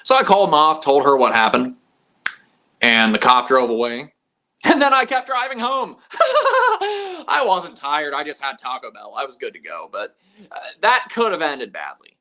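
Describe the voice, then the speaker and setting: A man hosts his own live stream, telling stories to the viewers in a loose, chatty way. His pitch swings widely as he acts out both sides of each exchange. His voice has a bright, forceful edge, and he swears without a second thought. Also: huge pitch swings, moderate pace. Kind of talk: casual storytelling to chat.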